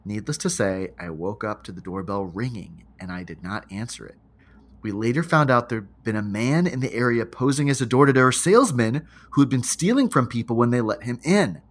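A man's voice: medium pitch, animated, brisk. A man co-hosting a podcast, reading a listener's spooky story aloud and chatting, laughing often. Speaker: podcast co-host.

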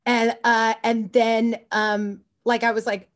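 An animated woman talks through a long story on a podcast, her voice pitched a little high. She rambles, circles back and drops in quick asides as she goes. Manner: often says "you know what I mean". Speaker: actor and podcast guest. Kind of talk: casual interview storytelling.

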